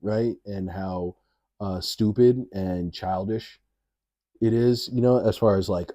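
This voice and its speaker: A man's voice: on the low side, unhurried, mellow. A man reacting to a video in casual, rambling commentary, swearing freely and often laughing as he talks.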